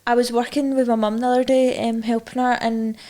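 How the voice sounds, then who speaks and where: A young woman with a Scottish accent, co-hosting a podcast in casual, sweary, animated chat. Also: fairly high pitch, a little fast. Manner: chatty, sweary, animated storytelling. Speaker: podcast co-host.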